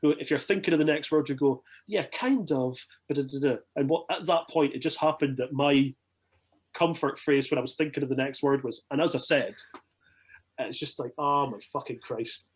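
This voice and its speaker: A young Scottish man telling a long rambling story as a podcast guest, animated and swearing freely. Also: mid-range voice, a little fast, slightly rough. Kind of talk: casual storytelling.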